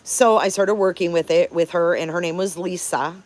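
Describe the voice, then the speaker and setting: This channel host, a woman in her fifties from Detroit, Michigan, talks at a normal speed with a fairly low pitch. Her live-stream storytelling chat is outspoken, emphatic, and laced with profanity.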